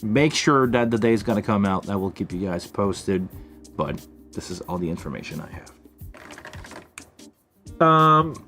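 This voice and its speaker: A man talks viewers through his mixing desk on a live stream in a loose, conversational way, pausing often to think and restarting his sentences. His voice sits low. Faint music plays quietly behind him. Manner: relaxed, thinking aloud with fillers and restarts. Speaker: live stream host answering viewer questions. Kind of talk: casual live stream Q&A and gear demo.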